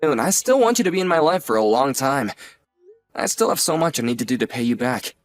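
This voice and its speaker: A young man playing a newly engaged nephew who is earnest and gently apologetic. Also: mid-range voice, sing-song, fairly quick, close to an everyday voice. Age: young adult. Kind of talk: scripted dialogue drama.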